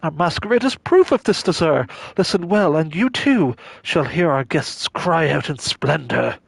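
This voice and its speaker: A man's voice: fairly high pitch, sing-song, normal speed, gravelly, husky, no echo, heavily acted. A man reading the lines of a worried, formal masquerade host in a game. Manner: formal, pleading delivery. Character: polite, fretful male masquerade host.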